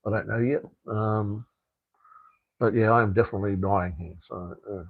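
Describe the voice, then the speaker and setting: A blunt Australian man rambles through a casual live stream, tossing "mate" around and swearing freely. His voice has a gravelly edge and sounds dry and a little dull, as if recorded close with no room around it. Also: lowish voice, fairly even intonation, moderate pace, dry recording. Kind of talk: casual live stream chat answering viewer comments.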